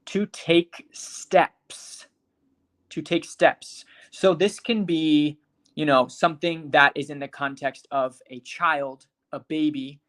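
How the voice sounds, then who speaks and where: Here a steady, medium-pitched voice with a bit of brightness teaches English live online. The teacher says example words slowly and precisely, calls students by name, and keeps checking that they follow.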